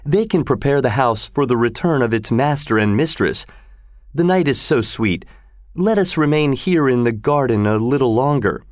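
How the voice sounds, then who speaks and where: A man voicing a gentle, dreamy young woman who speaks in an unhurried way in a storybook reading. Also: medium pitch, lively intonation, no room sound, clean studio sound, pitched above the performer's own voice, lightly acted.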